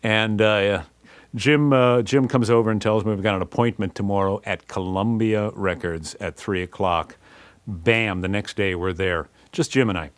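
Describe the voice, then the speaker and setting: Low-voiced man telling band stories. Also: fairly even intonation, moderate pace, clear, resonant tone, dry recording. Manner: casual and slangy, acts out voices and sounds. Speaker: musician recalling his band's history. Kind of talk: spoken-word storytelling.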